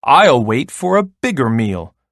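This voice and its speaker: A man's voice: mid-range voice, sing-song, measured pace, a bit bright, dry recording, clean studio sound. A man voicing a mean, hungry troll who roars threats from under a bridge in a storybook read-aloud. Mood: grudging. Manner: roaring, threatening.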